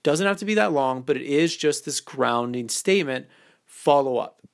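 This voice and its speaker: A man in the middle of his range talks through dating advice on his podcast, loose and chatty with plenty of fillers. He keeps jumping into lively, playful voices to act out sample lines. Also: medium pitch, moderate pace, vocal fry. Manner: animated, acts out example lines in a playful voice; casual, loose phrasing with many fillers. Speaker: dating coach podcast host. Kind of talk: instructional podcast talk.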